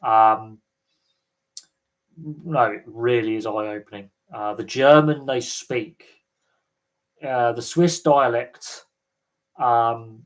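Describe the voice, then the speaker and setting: A man's voice: mid-range voice, takes it slowly, pauses often. A man with a Thames Valley English accent, hosting a casual livestream chat, rambling with lots of fillers and restarts. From England. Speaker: livestream host.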